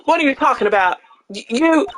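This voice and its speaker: A man voicing a nervous, evasive young woman witness in a video game, with a stammering falsetto. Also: expressive, fairly quick, fairly bright tone, slight background noise, rough recording. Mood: flustered.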